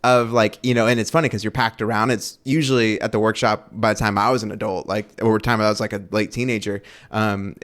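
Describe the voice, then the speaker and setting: A man co-hosting a podcast, telling animated anecdotes in casual conversation, with many fillers and restarts. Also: lowish voice, a little fast, few pauses. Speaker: podcast co-host.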